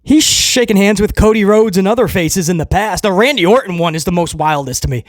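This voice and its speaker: A man's voice: sits high, animated, fairly quick, dry recording, clean studio sound. A man hosting a casual wrestling commentary show, ranting with sarcasm and mocking people in put-on voices.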